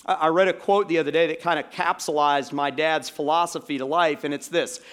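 A man's voice: on the high side, steady tone, a little fast, a bit bright. A middle-aged man from Georgia preaching a sermon as pastor, in a conversational way with many fillers and asides to the congregation. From Georgia, USA.

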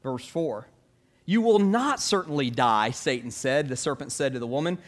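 A man's voice: medium pitch, animated, moderate pace. A male pastor preaching a sermon, reading scripture aloud and asking the congregation rhetorical questions.

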